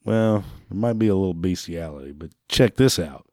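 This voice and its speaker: The recording is dry and studio quality, featuring a man whose low, slightly mellow voice is expressive and moderately paced. As a talk show host, he unleashes an angry rant packed with swearing, interrupted at times by laughter.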